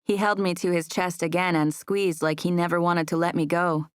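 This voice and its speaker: A woman reads a first-person audiobook in an even, gentle way. Her voice is on the low side, and the booth sound is dry and close. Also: moderate pace, clear, resonant tone, no room sound. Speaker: audiobook narrator. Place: recording booth.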